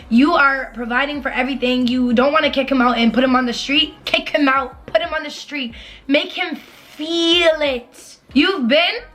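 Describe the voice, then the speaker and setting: A young woman with a high, sharp voice gives blunt, emphatic relationship advice in a casual vlog. She repeats her points and swears freely as an advice vlogger.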